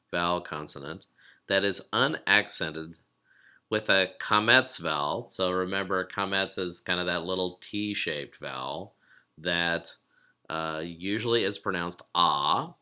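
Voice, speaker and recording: A man teaching a recorded lesson, explaining patiently with frequent pauses and fillers. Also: deep voice, pushed and bright, clean tone. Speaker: biblical Hebrew teacher.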